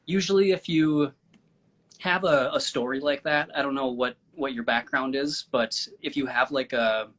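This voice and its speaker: A man from Minnesota co-hosting a casual chat, talking haltingly with many fillers. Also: medium pitch, fairly bright tone. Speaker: co-host.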